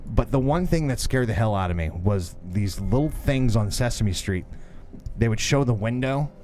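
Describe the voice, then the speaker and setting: A man in his thirties co-hosting a podcast in a studio, a lively storyteller who swears freely and acts out the voices in his stories. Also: on the low side, moderate pace. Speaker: podcast co-host. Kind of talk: casual chat.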